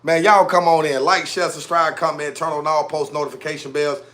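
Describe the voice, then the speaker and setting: A man's voice: fairly high pitch, level tone, a little fast, fairly bright tone. A young man hosting a live stream, talking in a slangy, repetitive style, calling out viewers and thanking them for gifts as he gives his take on the news. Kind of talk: casual live-stream commentary.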